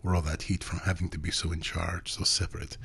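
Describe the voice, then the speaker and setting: A man voicing a short, dominant man who gives commands in a low, growling, purring way. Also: level tone, fast, gravelly, fairly bright tone, slightly rough, exaggerated voice. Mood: commanding.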